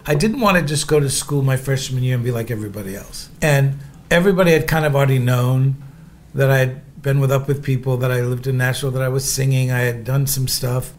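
A middle-aged man hosting a podcast, telling his own stories in an animated, gushing way, jumping between loud asides and hushed remarks. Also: mid-range voice, a little fast, slight background noise. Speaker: podcast host. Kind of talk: storytelling monologue.

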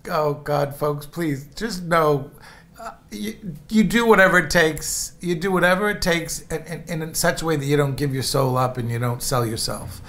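A man's voice: a little high, moderate pace, fairly bright tone. A man from Indiana telling stories from his life in a rambling, chatty way and calling his listeners folks. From Indiana, USA. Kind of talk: casual memoir storytelling.

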